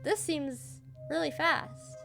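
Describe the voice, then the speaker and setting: A woman playing a narrative game aloud, excitable and prone to swearing and laughing outbursts. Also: high-pitched, slow, vocal fry. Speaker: gaming streamer. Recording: game music under the voice. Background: game music.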